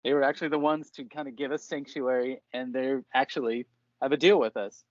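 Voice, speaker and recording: A man's voice: mid-range voice, fairly even intonation, fairly quick, no room sound, dull audio, natural voice. A man voicing a wary, nervous male dwarf who leads a mine of former slaves and keeps repeating himself when pleading.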